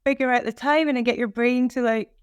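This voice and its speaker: Smooth-voiced Scottish woman guest. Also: on the high side, no room sound, clean studio sound. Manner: enthusiastic, expressive, quick bursts of praise. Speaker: author and guest. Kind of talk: casual interview chat.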